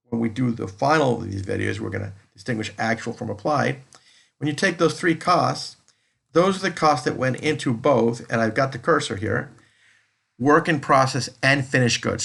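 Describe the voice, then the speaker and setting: A man's voice: medium pitch, gravelly, a bit bright, breathy edge. A man lecturing on accounting over a screen recording, explaining step by step and restating each point. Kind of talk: recorded lecture walking through a spreadsheet.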